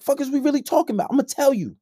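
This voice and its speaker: A man's voice: extremely high pitch, animated, very fast, warm tone, no echo, studio quality. A man who coaches men, delivering a blunt, combative, profanity-heavy rant. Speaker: men's coach. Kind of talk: profane ranting monologue.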